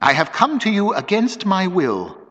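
The ghost of an old countess speaks in a solemn, abrupt way, as a man reading the story puts her on. Her voice is bright and lilts up and down, heard through a dull, lo-fi recording with a long hall reverb. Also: a little high, expressive, slow pace, pitched above the performer's own voice, exaggerated voice.

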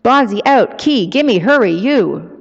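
A woman's voice: medium pitch, expressive, takes it slowly, a little mellow, voice pushed up. A woman voicing a female bonobo who pleads urgently in clipped, broken phrases. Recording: echoey hall, muffled live sound.

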